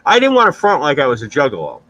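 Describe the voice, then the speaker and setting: A man's voice: fairly high pitch, huge pitch swings, fast, bright, forceful tone, no room sound, muffled recording. A man in casual chat, telling blunt, profane stories on a stream.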